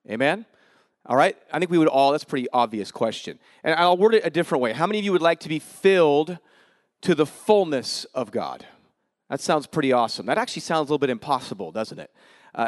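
A man giving a guest sermon in a church, casual and joking, with energetic preaching. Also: a little high, no room sound, studio quality. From Denver area, US. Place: church sanctuary.

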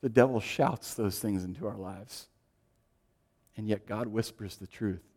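A man preaching a sermon, swinging from loud, emphatic lines to hushed, quiet ones. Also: fairly low pitch, measured pace. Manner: dynamic, shifting from loud to hushed. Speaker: pastor.

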